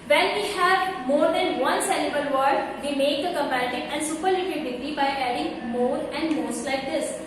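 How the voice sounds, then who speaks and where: A woman with a Pakistani accent teaching English grammar, spelling out letters and repeating her examples slowly. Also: high voice, background noise. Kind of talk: recorded classroom lesson. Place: classroom. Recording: echoey room, far from the mic.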